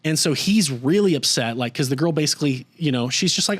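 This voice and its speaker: A man's voice: on the high side, brisk, few pauses. A man hosting a podcast and recapping a story in casual chat. He rambles, swears freely, says "like" a lot, and briefly acts out the characters when he quotes them. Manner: rambling and profane, with heavy use of "like". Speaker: podcast host.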